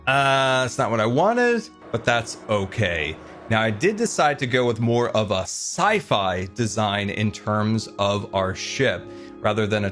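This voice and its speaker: Animated man narrating his gameplay. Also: medium pitch. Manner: panicky, squealing, laughing while playing; relaxed, explaining a build. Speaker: Minecraft YouTuber. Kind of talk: gameplay commentary.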